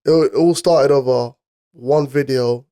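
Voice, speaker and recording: A man's voice: medium pitch, a little slow. A young man, telling stories on a podcast in casual slang and acting out other people's voices. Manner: animated storytelling with slang, acts out voices. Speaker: podcast guest. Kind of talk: casual chat.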